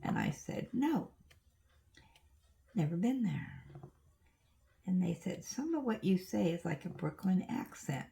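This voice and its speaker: A woman's voice: lowish voice, huge pitch swings, measured pace, creaky, warm tone, slight background noise. An older woman with an Oregon accent, chatting casually and rambling through stories while she works on a craft. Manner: rambling, chatty storytelling with asides. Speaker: crafting vlogger. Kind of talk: casual chat while diamond painting.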